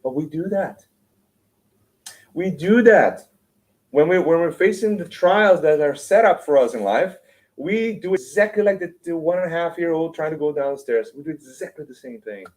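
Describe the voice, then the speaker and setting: A man's voice: fairly high pitch, animated, normal speed, darkish tone, low-quality recording. A man giving an informal spiritual lecture, talking in a loose, chatty way, tagging "right?" onto his sentences and often restarting his words. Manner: conversational, keeps asking "right?"; acts out whiny complaints to make his point. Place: lecture room.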